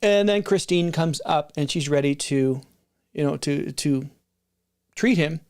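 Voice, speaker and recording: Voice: mid-range voice, a little slow, a little mellow, smooth. A middle-aged video creator chatting casually and unscripted, rambling with frequent restarts and asides. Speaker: video creator reviewing film releases.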